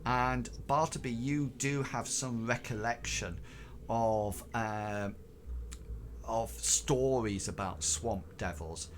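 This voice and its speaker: A man's voice: mid-range voice, takes it slowly. A man narrating as game master, hesitant and full of fillers and restarts. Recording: noisy recording.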